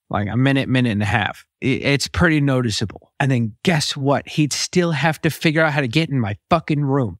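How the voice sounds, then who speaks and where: A man from Texas hosting a podcast, telling a story in a blunt, profane, animated way. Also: mid-range voice, no room sound, studio quality. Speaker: podcast host. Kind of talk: casual storytelling monologue.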